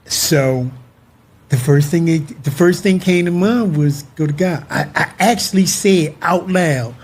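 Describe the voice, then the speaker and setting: A man tells a personal story with raw, earnest feeling. His voice sits high for a man and carries a husky grain. He talks expressively and heads toward laughter when something moves him. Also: a little slow. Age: 50s. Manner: expressive, earnest, breaks into laughter while recounting. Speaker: guest, husband.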